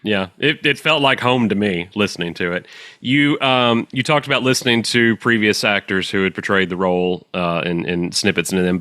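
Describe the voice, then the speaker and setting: A man's voice: low-pitched, bright, forceful tone, dry recording, clean studio sound. A man hosting an interview, eager and enthusiastic as he asks his questions. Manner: enthusiastic fan asking questions. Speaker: podcast host interviewer. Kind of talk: casual interview.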